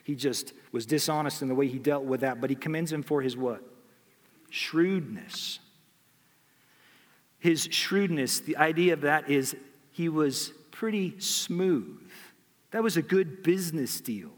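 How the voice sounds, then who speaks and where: A male preacher walks his listeners through a story, pausing to ask them questions. His voice sits a bit high for a man. A long reverb trails each phrase. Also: lively intonation. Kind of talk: sermon.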